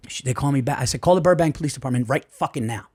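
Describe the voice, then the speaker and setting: A man, a comedian on a podcast, telling a story in an animated, profane way and acting out the voices of the people in it. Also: mid-range voice, racing, breathy edge. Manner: profane, excitable, acts out voices. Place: podcast studio. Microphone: studio mic.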